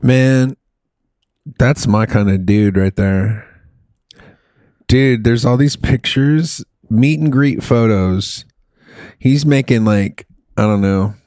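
A man in casual comedic chat, telling absurd stories with deadpan jokes. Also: mid-range voice, slow, long pauses, no room sound, studio quality. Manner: deadpan storytelling, riffing jokes.

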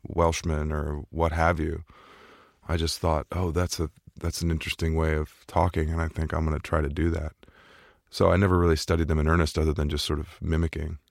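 A middle-aged American man talks with a voice sitting at the very bottom of the range, full of grainy fry. He answers interview questions casually and slips in deadpan jokes. The sound is close and dry, with no room around it. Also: very deep voice, a little fast, no room sound. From St. Louis, Missouri, USA. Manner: dry, joking, wry asides. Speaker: podcast guest.

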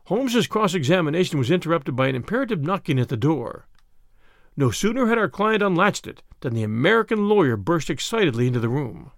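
A man reading a story aloud in steady scripted narration. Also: on the high side, fairly quick, no echo, clean studio sound. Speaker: audiobook narrator.

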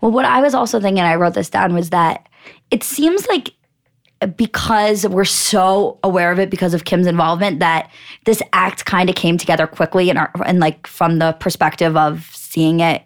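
A woman co-hosting a podcast, telling stories in casual, animated chat. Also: on the low side. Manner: quick, animated storytelling. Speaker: podcast co-host.

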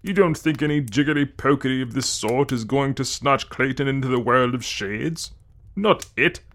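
A man voicing a skeptical, dismissive gentleman who speaks in a brash, mocking way. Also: mid-range voice, normal speed, pitched above the performer's own voice, natural voice.

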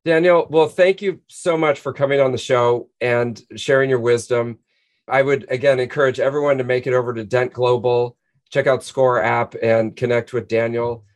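A man's voice: medium pitch, fairly even intonation, normal speed. Enthusiastic male podcast host. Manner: effusive, enthusiastic praise. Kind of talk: podcast interview.

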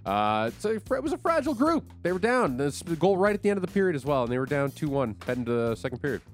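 A man's voice: on the high side, very animated, quick pace, faint music behind. A man hosting a sports radio show, recapping hockey plays in a conversational way with many fillers. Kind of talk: casual sports talk recap.

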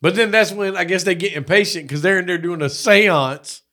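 A man co-hosting a podcast, chatting casually and profanely, retelling a movie with excitable energy. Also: high voice, normal speed. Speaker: podcast co-host. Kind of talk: casual chat.

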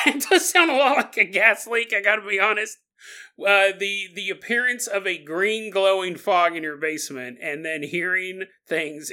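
A man's voice: high-pitched, sharp tone. A man hosting a podcast who retells a ghost story casually, joking and laughing often. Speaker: podcast host.

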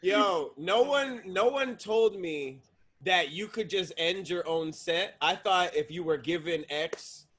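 A comedian co-hosting a casual chat among friends, telling stories and laughing a lot. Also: male voice, sits high, slow, fairly bright tone, breathy edge. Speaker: comedian, podcast co-host.

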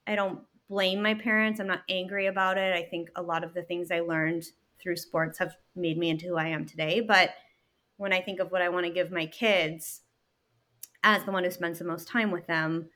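A woman in her thirties, a working mother, talking earnestly as a guest in a casual interview, animated and quick to laugh. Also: lowish voice.

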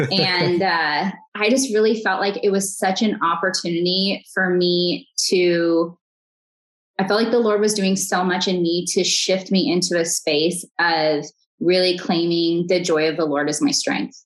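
A woman in her thirties, a podcast guest, talking earnestly and warmly upbeat in a conversational interview, often restarting her sentences. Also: lowish voice, steady tone, a little slow, low-quality recording.

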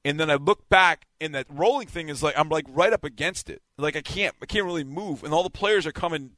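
Man retelling a game, animated and dry. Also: on the high side, a little fast, no echo. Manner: animated, vivid play-by-play retelling. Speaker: sideline reporter. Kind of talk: casual storytelling on a sports podcast.

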